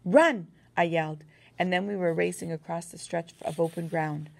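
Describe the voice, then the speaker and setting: Low, gravelly woman reading a novel. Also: level tone, moderate pace. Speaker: audiobook narrator. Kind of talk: first-person novel reading.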